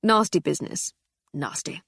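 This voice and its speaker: A woman's voice: deep voice, lively intonation, normal speed, vocal fry, a bit bright, husky, no room sound, studio quality, full character voice. A woman voicing a nervous, henpecked upper-class husband who stammers. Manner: stammering, timid.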